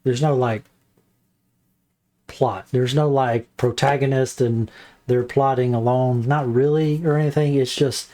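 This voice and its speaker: Man, casual book reviewer, talks in a halting way with many fillers, mid-pitched voice. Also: steady tone, mellow.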